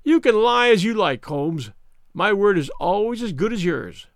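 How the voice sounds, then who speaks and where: Man doing a high, snarling villain. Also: animated, normal speed, dry recording, clean studio sound. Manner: mocking, sneering. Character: sly, menacing male villain, middle-aged.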